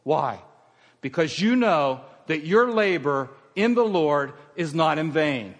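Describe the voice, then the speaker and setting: A middle-aged male pastor preaching in a church hall, where his voice carries a long reverb tail. His voice sits a little high for a man, and he shifts between strong, emphatic preaching and low, almost whispered stretches. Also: lively intonation, takes it slowly. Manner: swings from raised emphatic preaching to hushed, near-whispered delivery. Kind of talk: sermon.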